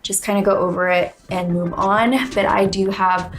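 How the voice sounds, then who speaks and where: A woman presenting a makeup tutorial, explaining each step calmly and clearly. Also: mid-range voice, normal speed. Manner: calm, step-by-step instructing. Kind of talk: instructional how-to.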